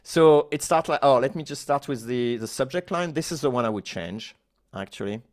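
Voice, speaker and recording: A man co-hosting a podcast in casual chat, relaxed and chatty, with many fillers and restarts. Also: medium pitch, normal speed. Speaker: podcast co-host.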